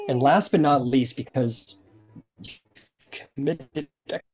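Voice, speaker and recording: A man's voice: mid-range voice, slow pace, a little mellow. A man narrating as game master of a tabletop game in a casual, explanatory, rambling way.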